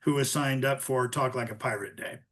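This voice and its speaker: A man's voice: medium pitch, fairly even intonation, brisk, fairly bright tone. An older man, an author guest, talking casually in a webinar with plenty of ums and restarts. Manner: chatty, many ums and restarts. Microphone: video call.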